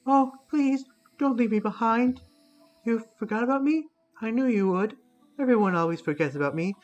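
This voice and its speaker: A man voicing a shy, naive young female bug who speaks in a pleading, halting way. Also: extremely high pitch, a little mellow, muffled recording, faint music behind, pitched above the performer's own voice.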